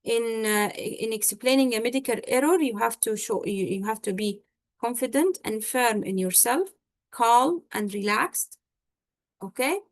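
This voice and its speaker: A woman tutoring medical exam candidates in an online session. She explains step by step, often checking in with "okay?" and "all right?" and pausing on fillers. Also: a little high, animated, no echo.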